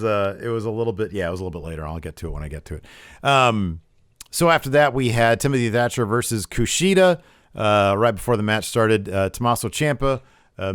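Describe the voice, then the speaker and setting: Man, podcast co-host, smooth resonant voice, dry close sound, casual animated recap. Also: fairly low pitch, no echo. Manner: animated, acts out quotes in raised voices. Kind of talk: casual wrestling recap chat.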